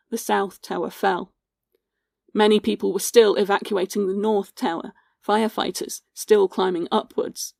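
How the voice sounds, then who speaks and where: A woman hosting a podcast, giving scripted history narration in a measured, sombre storytelling manner and reading out witness accounts. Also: medium pitch, vocal fry, a little mellow, no room sound, studio quality. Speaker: podcast host.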